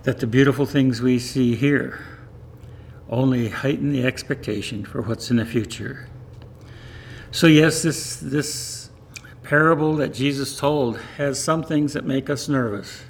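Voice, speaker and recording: A man as pastor giving a sermon in calm, gentle short phrases. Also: medium pitch, a little slow, creaky, slight background noise.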